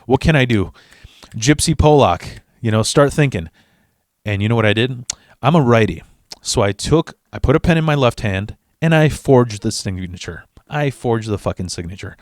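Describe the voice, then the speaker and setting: A man telling a comedic personal story in a rambling, profane monologue, acting out the dialogue with shifting voices and jumping between fast and slow delivery. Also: mid-range voice, expressive, no room sound, studio quality.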